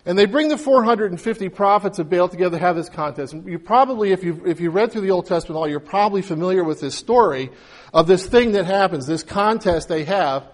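A man's voice: high-pitched, lively intonation, fast. A male pastor preaching a conversational sermon, retelling a scripture story and acting out the quoted lines with casual asides.

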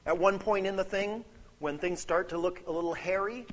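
A man preaching a sermon, conversational and animated, often checking in with "right?" and reading scripture aloud. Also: sits high, normal speed. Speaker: pastor.

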